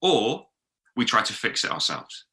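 A man in middle age preaches with a very bright, ringing tone. He tells stories briskly and slips into the voices of the people he quotes, then returns to his plain preaching voice. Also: mid-range voice. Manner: lively storytelling with acted-out quotes. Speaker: pastor. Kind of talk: sermon. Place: talk recorded for an online gathering.

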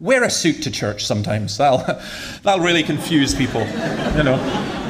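Preacher, chatty and joking. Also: male voice, on the high side, sing-song, a little slow, very noisy. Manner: conversational, humorous storytelling, repeats words. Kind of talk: sermon.

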